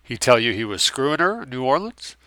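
A man voicing an older, abrasive American bureaucrat with a flat, nasal New York accent and a blunt, needling way of questioning. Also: medium pitch, a little fast, smooth, no echo.

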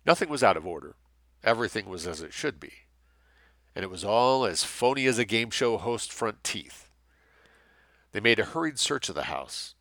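A man reading a thriller aloud with steady, measured narration. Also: lowish voice, no room sound. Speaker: audiobook narrator. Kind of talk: scripted narration.

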